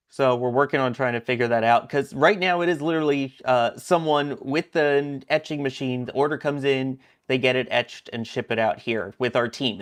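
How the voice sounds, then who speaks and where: A man's voice: medium pitch, fairly bright tone. A man from New Jersey with a New York area accent, hosting a casual livestream chat and reading out viewer orders. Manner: joking, reads out viewer purchases. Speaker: livestream host.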